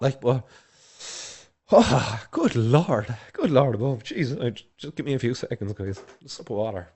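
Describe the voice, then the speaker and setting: A man's voice: medium pitch, big pitch swings, measured pace, darkish tone, slightly rough. An Irish man hosting a news vlog, tearful with a blocked nose, speaking with passion and heavy swearing. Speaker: host of a home news show.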